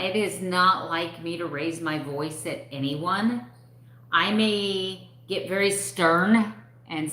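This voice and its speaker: Middle-aged woman vlogger, candid and emotional live-chat host, lowish voice, roomy echo. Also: pushed and bright. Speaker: vlogger hosting a live stream. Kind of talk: casual live-stream chat.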